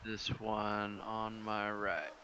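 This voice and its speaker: A man playing a tabletop game, stating his moves flatly and deliberately. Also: on the low side. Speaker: player. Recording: dull lo-fi recording with clear hiss.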